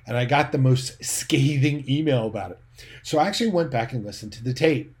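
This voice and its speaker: A middle-aged man, a former pastor, giving a sermon-like teaching talk. He is animated, swinging between loud emphasis and quiet asides, and at times talks fast. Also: mid-range voice.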